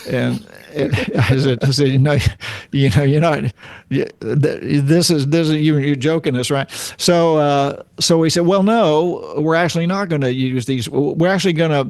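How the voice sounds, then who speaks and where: This older man from the American South speaks with a slightly high voice, recorded dry and close, with no room around him. He tells stories in a rambling, easygoing way, repeating words and filling pauses as he talks. He is a guest on an interview show. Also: darkish tone, dry recording. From Florida, US South. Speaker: guest musician. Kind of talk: casual storytelling interview.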